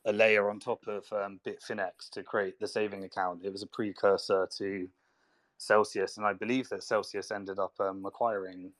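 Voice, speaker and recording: A man's voice: on the low side, flat delivery, moderate pace, no room sound. A man hosting a live audio Q&A, thinking aloud and often restarting his sentences. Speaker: host.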